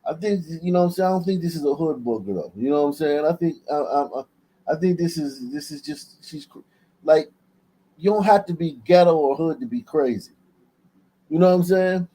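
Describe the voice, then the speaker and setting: A man's voice: on the high side, brisk, mellow, slightly rough, rough recording. A man hosting a livestream, giving blunt, profane commentary and laughing often. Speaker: livestream host.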